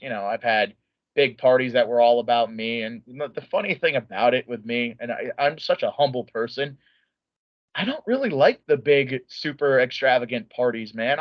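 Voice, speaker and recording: A young man, an interview guest, telling a story in an excitable, animated way with lots of "like" and restarts. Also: mid-range voice, dry recording. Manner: many filler likes and restarts. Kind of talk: casual storytelling. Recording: dull lo-fi dry sound.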